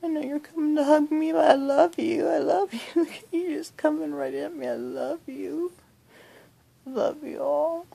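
A middle-aged woman talking softly in a bedroom at night, cooing affectionately and often half-whispering. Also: sits high, steady tone, moderate pace, gravelly. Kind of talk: soft-spoken recorded monologue.

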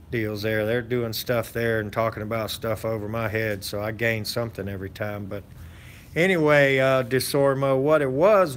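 A man's voice: medium pitch, a little hiss or hum. A man hosting his channel, chatting casually with viewers in a rambling, folksy way full of fillers and restarts. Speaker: channel host. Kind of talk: casual live-stream chat.

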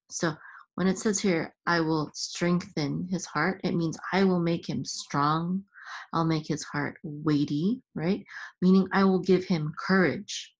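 In a patient lesson on reading Hebrew, a woman slowly sounds out each syllable and chants the accent marks. Her voice is low-pitched and a little mellow.

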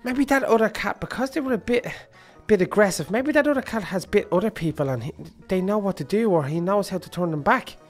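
Excitable, stammering male role-player. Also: high voice, fairly quick, few pauses, faint music behind. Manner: excitable, pleading, with stammered restarts. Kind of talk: improvised game role-play.

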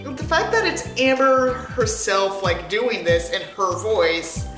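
A woman's voice: mid-range voice, lively intonation, slow pace, a bit bright. A woman host giving exasperated, sarcastic, swear-filled commentary on a bad book. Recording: roomy echo with music behind. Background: background music.

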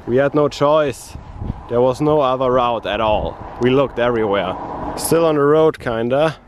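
A man talking in a monotone, feeling unwell, narrating a casual travel vlog outdoors on a coastal trail. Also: mid-range voice, normal speed. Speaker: travel vlogger. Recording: outdoor noise behind the voice.

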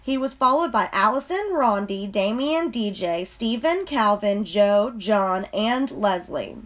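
A woman reading a children's storybook aloud in a slow, clear storytelling manner. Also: medium pitch, animated. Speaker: reader.

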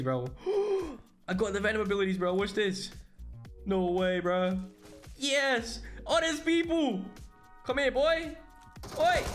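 Young male gamer from Portugal, bouncy and animated, game music faintly underneath. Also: a little high. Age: 20s. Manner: excitable, exclaiming, slangy. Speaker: gaming creator. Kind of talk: excited gameplay commentary.

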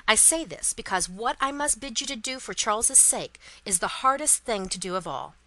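A woman's voice: fairly high pitch, animated, normal speed, pushed and bright, rough recording. A woman voicing an anxious, commanding old male banker in a storybook reading, giving urgent commands.

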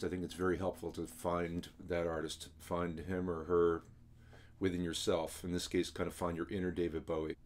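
A baritone man teaching singers how to imitate a rock vocalist, talking in a casual, throaty way that swallows his words.

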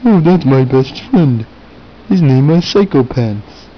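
A man's voice: medium pitch, expressive, slow pace, dull audio. A man playing a dry, offhand joking friend in a home-made comedy film. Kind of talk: amateur comedy acting.

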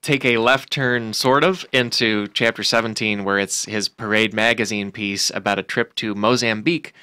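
A man's voice: lowish voice, steady tone, moderate pace, pushed and bright, smooth, no room sound. A man co-hosting a comedy book podcast, eagerly summarizing chapters in casual chat. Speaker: podcast co-host.

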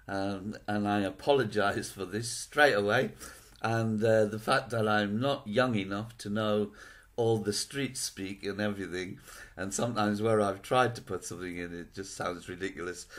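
A man's voice: low-pitched, a bit bright. An older man chatting to camera at home in a meandering, self-deprecating way. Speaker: vlogger. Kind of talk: casual chat to camera.

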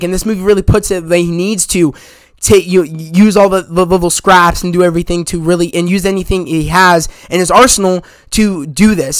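Guy gushing thru a movie recap, kinda high voice, smooth and clear, super dry sound. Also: no echo. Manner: excited, rambling retelling with many restarts. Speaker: movie reviewer. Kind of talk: casual spoiler review.

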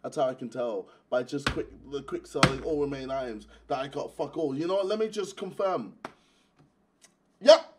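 A young man doing gaming commentary on a headset mic, swearing and raging in loud outbursts. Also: mid-range voice, fairly quick, hardly any pauses, very noisy. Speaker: gaming YouTuber. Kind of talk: gaming commentary while opening packs. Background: music.

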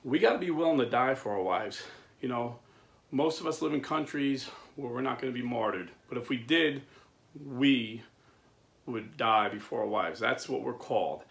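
With a mid-range voice, normal speed and some vocal fry, a fifties-aged man hosts a Catholic men's video. He gives a relaxed sermon-like monologue in down-to-earth, blue-collar terms, telling lively stories and chuckling while speaking.

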